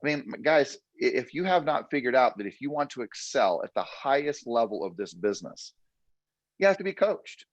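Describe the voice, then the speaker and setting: A man's voice: mid-range voice, sing-song, moderate pace, no room sound. A man hosting a real estate training session, coaching with emphatic, repetitive punchy phrases. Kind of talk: motivational coaching talk.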